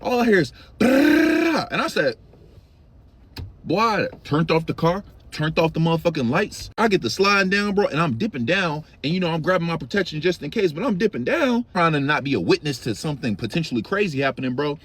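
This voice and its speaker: Lively, husky-voiced young man telling a story. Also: fairly high pitch, brisk. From Chicago. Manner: animated, profane, slangy street talk. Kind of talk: casual storytime.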